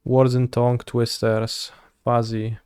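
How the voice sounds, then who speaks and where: A man's voice: mid-range voice, completely flat delivery, slow pace, darkish tone, clean tone, no room sound, clean studio sound. A man, a streamer thinking aloud and muttering words to himself while he works through a word puzzle. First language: Polish.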